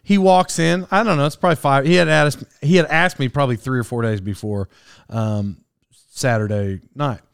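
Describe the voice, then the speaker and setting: A man's voice: medium pitch, normal speed, gravelly, smooth, dry recording, studio quality. A man in his forties hosting a podcast solo, rambling through a personal story with restarts and laughs at himself. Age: 40s. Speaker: podcast host.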